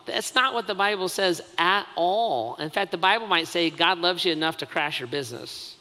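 A man with a high, sharply bright voice preaches a sermon in a big hall with a long reverb tail. He talks in a conversational, self-mocking way and keeps adding asides. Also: animated, normal speed, hardly any pauses. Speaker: pastor.

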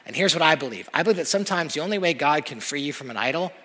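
Husky-voiced pastor preaching in a hall. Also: male voice, a little high, racing. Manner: animated storytelling, rising to loud emphatic peaks. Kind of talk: sermon. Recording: long hall reverb.

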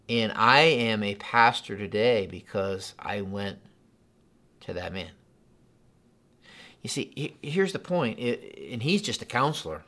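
A man, a pastor preaching a sermon in a conversational, animated way with frequent asides and repetitions. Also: medium pitch.

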